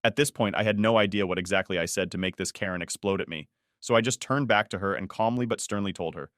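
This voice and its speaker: A man narrating a first-person story from an online forum in a steady, even storytelling delivery. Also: fairly low pitch, a little fast, dry recording, studio quality. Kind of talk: reading a reddit story aloud.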